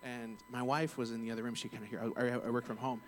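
A man's voice: medium pitch, flat delivery, fast, slight background noise, poor audio. A man who works in bank customer service, telling a personal story in a casual, earnest, rambling way with many restarts.

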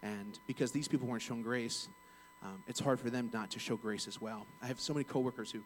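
An earnest man of middle pitch talks through a personal story from his work in customer service. He rambles and restarts his sentences often in a relaxed, casual way, with a faint hum behind him. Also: quick pace, low-quality recording. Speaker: bank customer service rep.

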